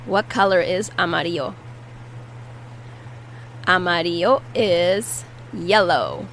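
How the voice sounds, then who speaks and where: A woman's voice: on the low side, slow pace, fairly bright tone, a little hiss or hum, low-quality recording. A woman teaching a language lesson, patiently repeating each word and explaining how to pronounce it. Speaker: Spanish teacher. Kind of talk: vocabulary lesson with repetition drills.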